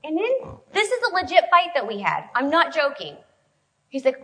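A woman preaching a sermon in a conversational, storytelling way, with sudden swings in loudness. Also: high-pitched, huge pitch swings, moderate pace, rough recording. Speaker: preacher speaking to a women's group.

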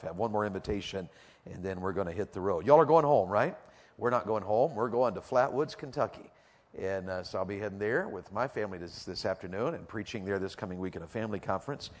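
Folksy preacher in a reverberant hall. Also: male voice, fairly low pitch, a little fast. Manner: folksy, bantering with the crowd, building to loud emphatic exhortation. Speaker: evangelist preacher. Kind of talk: sermon. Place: church or conference hall. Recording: long reverb in a large hall.

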